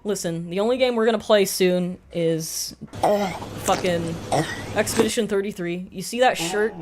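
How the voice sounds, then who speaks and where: A woman in her thirties streaming live, chatting casually with viewers, swearing freely and bursting into loud excited greetings. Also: medium pitch, normal speed, noisy background.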